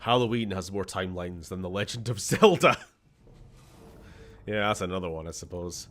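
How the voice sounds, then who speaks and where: Scottish man hosting a game playthrough, deep and animated, chatty and prone to laughing. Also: moderate pace. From Scotland. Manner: rambling, chatty, laughs often, talks to characters. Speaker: gaming channel host. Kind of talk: casual let's-play commentary.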